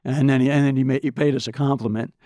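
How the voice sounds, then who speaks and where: An older man, a podcast guest, telling long anecdotes in a lively way, acting out the voices of people he quotes and often repeating words. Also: mid-range voice, fast, no room sound, studio quality. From United States. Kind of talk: anecdotal storytelling.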